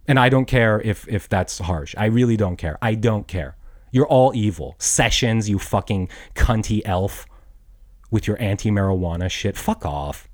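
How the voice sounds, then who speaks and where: A young man delivers an angry, profane rant in a rambling monologue. His voice jumps from high, loud bursts down to low mutters, and he keeps restarting his sentences. Blunt and crude throughout. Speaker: podcast host.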